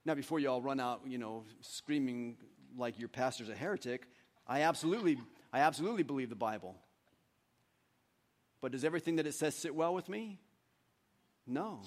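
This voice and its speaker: A man's voice: medium pitch, expressive, a little fast, pauses often. A male pastor preaching a sermon on meditation, with joking asides and voices he acts out.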